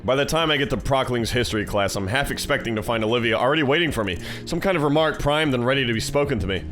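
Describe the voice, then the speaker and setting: A man's voice: mid-range voice, quick pace, fairly bright tone, soft background music. A man streaming, reading a visual novel aloud and tossing off profane, joking asides to his viewers. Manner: profane, jokey asides to chat. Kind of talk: reading aloud with casual reactions.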